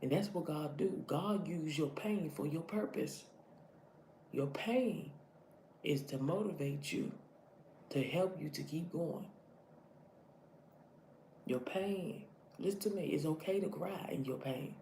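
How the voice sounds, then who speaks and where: Woman, 30s, motivational vlogger: gravelly, mellow tone, preachy and earnest, echoey room. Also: deep voice, slow, long pauses, a little hiss or hum. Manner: earnest, preachy, repeats "listen to me". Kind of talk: motivational talk.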